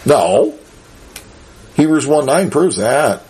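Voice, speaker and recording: Husky-voiced man teaching the Bible. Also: medium pitch, lively intonation, measured pace, darkish tone. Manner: chuckles often, asks the listeners rhetorical questions.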